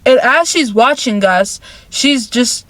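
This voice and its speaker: A woman vlogger with a somewhat high voice, talking through a movie plot in loose, chatty fashion. She repeats phrases and leans on filler words. The sound is dry and close. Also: animated, slow pace, a bit bright, no echo. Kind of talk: casual movie recap.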